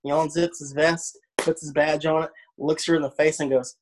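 A young man chats casually, telling stories with animated energy and plenty of swearing. His delivery stays loose and conversational. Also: a little high, normal speed, a little hiss or hum. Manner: animated, profane storyteller. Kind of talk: casual unedited chat.

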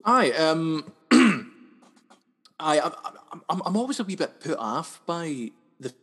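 A man's voice: a little high, big pitch swings, slow pace, fairly bright tone, slight background noise. A young Scottish man from the West Coast, a sketch comedian chatting as an interview guest, who often repeats words and restarts. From Scotland, West Coast. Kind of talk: casual interview chat. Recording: long hall reverb.

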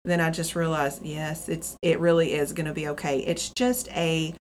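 A woman's voice: low-pitched, flat delivery, normal speed, darkish tone, slight background noise. A woman co-hosting a podcast for nursing students, giving reassuring advice in a casual, explanatory way. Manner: reassuring, explanatory, restarts mid-sentence.

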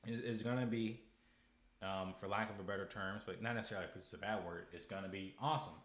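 A man's voice: lowish voice, steady tone, fast, fairly bright tone, echoey room. A young married man hosting his own podcast, rambling and preachy, repeating his words as he gets heated. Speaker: podcast host. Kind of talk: casual podcast monologue.

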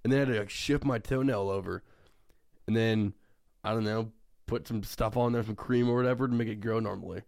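A man's voice: fairly low pitch, fairly even intonation, brisk, vocal fry, a little mellow. A young man co-hosting a podcast, telling a story casually, swearing a lot and laughing often. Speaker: podcast co-host.

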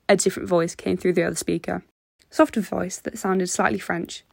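A woman reads a story aloud at a steady pace. Her voice has a gravelly fry to it. The recording is dry and close to the mic. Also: on the low side, fairly quick, no echo. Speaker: reader. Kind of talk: fan fiction audiobook narration.

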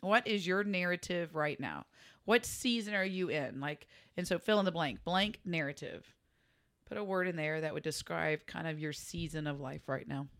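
A woman's voice: low-pitched, normal speed, fairly bright tone. A woman co-hosting a podcast who asks the questions and teases the guest in a playful, casual way. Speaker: podcast co-host. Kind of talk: casual chat.

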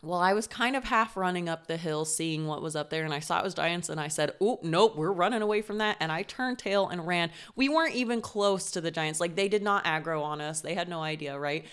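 A woman's voice: fairly low pitch, a little fast, few pauses, clean tone. Woman telling a rowdy game story. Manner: animated storytelling, swears a lot, laughs often. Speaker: podcast co-host. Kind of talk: casual chat.

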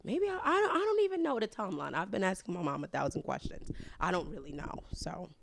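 A woman in her twenties from Harlem, New York, telling stories lively as a guest in a casual interview. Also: fairly low pitch, quick pace, gravelly, a little hiss or hum. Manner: animated storyteller, acts out others' lines with laughter. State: pregnant. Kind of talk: casual storytelling chat.

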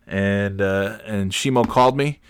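A man with a fairly low voice tells a casual, swear-laden story with animated energy. He acts out what people said, sometimes jumping way up in pitch. The sound is dry and close, with no room echo. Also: a little slow, clear, resonant tone. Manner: animated, swears freely, acts out quotes with big shouts.

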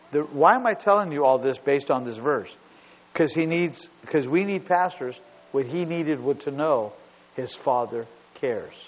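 A middle-aged male pastor preaching with a slightly high voice, emphatic and given to repeating himself. He tells a story as he goes. The recording is dull and lo-fi, with a long reverb from a large hall. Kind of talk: sermon.

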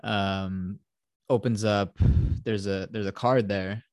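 A man hosts a casual podcast, retelling a film in a rambling way with lots of fillers and swearing. His voice sits on the low side. The sound is dry and close. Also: steady tone, slow pace, darkish tone, no room sound. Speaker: podcast host.

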